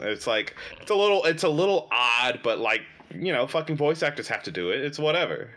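A man's voice: a little high, sing-song, normal speed, a bit bright. A man co-hosting a casual podcast chat, argumentative, stammering and swearing as he makes his point. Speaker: podcast co-host.

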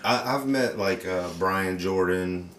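A man's voice: low-pitched, slow, a bit bright, a little hiss or hum. A man on a casual podcast telling a story animatedly, swearing freely and acting out the voices. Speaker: podcast co-host. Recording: roomy echo.

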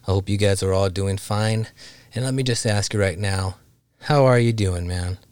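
A man's voice: on the low side, normal speed, darkish tone, clean tone, no room sound. A man hosting his own podcast, talking candidly and a bit emotionally, rambling with lots of fillers. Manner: candid, rambling, heartfelt, many "you know" fillers. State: emotional, voice strained. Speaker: podcast host. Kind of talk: casual solo podcast talk.

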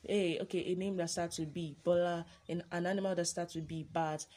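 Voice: mid-range voice, flat delivery, fairly quick, a little mellow. A podcast host, chatting casually and rambling through a monologue with many ums and self-corrections.

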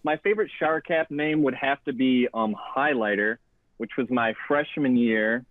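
A man's voice: medium pitch, moderate pace, dry recording. Goofy young man on a tinny line. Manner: goofy, energetic, jokey announcer bits. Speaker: guest. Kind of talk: casual chat. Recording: dry tinny phone-like line.

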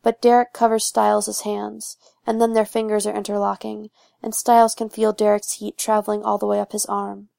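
Gravelly woman reading a fan audiobook. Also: medium pitch, completely flat delivery, normal speed, hardly any pauses, mellow, dry recording, studio quality. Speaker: audiobook narrator.

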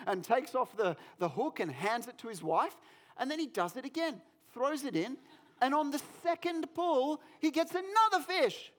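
A male pastor preaching a sermon, telling a personal story in an animated, self-deprecating way. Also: very high voice, normal speed.

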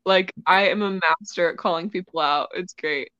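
A young woman, a wrestler, telling stories in a casual interview with lively giggles. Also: lowish voice, moderate pace, clear, resonant tone, no echo, muffled recording. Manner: animated storytelling, giggly. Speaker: wrestler guest.

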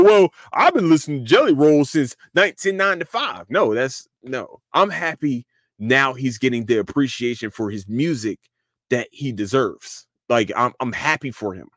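A podcast host talking casually in a loose, profane solo rant, with lots of restarts. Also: male voice, medium pitch, no room sound, studio quality. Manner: animated, profane, repeats and restarts a lot.

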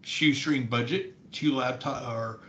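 A man's voice: a little slow, a bit bright, dull audio. Rambling man in an echoey room. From Southern United States. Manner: rambling, with many restarts and ums. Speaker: podcast co-host. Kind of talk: casual chat. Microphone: desk microphone. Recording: echoey room with faint rumble.

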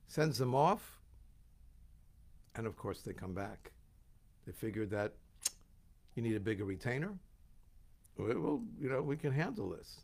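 A man giving a sermon, telling a biblical story with lively asides and putting on voices for its characters. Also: fairly low pitch, unhurried, creaky, pauses often. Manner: animated, acts out voices in the story.

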